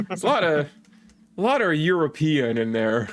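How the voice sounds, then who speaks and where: A man's voice: on the high side, sing-song, slow pace, long pauses. A man streaming a game, reading its text aloud, stumbling over foreign words and breaking off for joking asides.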